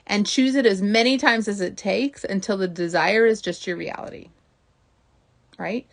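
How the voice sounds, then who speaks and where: A woman giving a casual motivational talk as a mindset coach, chatty and animated, often asking "right?" and acting out inner thoughts. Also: medium pitch, brisk.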